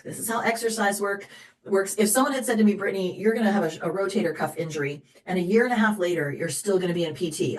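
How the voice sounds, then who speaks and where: A woman sales director talks her team through a motivational call in a chatty, upbeat, coaching way. Her voice sits at a middle pitch. The recording carries a roomy echo.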